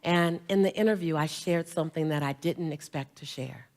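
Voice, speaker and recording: On stage before a large audience, a middle-aged motivational speaker tells humorous stories and draws the crowd in with call-and-response prompts. Her voice sits low and is a little mellow, delivered at a moderate pace.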